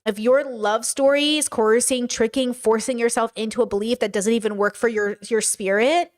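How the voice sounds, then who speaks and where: A woman's voice: fairly high pitch, moderate pace. A woman in her thirties hosting a podcast, telling a personal story in a casual monologue, acting out the dialogue and swearing freely. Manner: animated, acts out quoted dialogue, swears freely. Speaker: podcast host.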